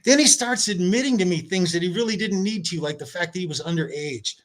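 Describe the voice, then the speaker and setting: Animated storytelling man, slightly high voice. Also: fast. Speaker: podcast guest. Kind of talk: casual storytelling chat.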